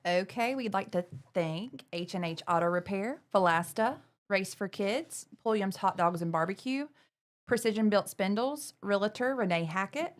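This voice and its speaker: Woman co-host, brisk sponsor read, mid-pitched voice. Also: lively intonation. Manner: brisk list reading. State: out of breath after the list. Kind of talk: reading sponsor list.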